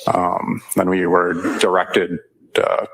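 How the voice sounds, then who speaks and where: A man, a firefighter, testifying in court with hesitant, short answers and many pauses. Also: low voice, monotone, gravelly, a bit bright, poor audio. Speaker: firefighter witness. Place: courtroom witness stand.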